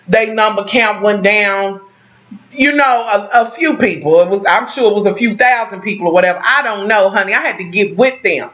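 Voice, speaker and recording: A woman vlogger ranting casually to her viewers in a profane, animated, rambling way. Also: sits high. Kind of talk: casual vlog rant to viewers. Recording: dull lo-fi sound.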